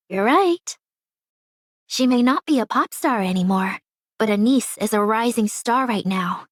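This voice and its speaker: A woman's voice: fairly high pitch, expressive, slow, long pauses, no room sound. An actress voicing a scheming, cynical young woman ex-idol who talks in a cool, mocking, calculating way. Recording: dry close studio recording.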